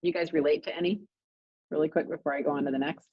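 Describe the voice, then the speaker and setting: A woman's voice: deep voice, fairly even intonation, fast talker, no echo, highs cut off. A woman real estate coach leading a group coaching call, speaking emphatically and repeating points for stress, over a video call.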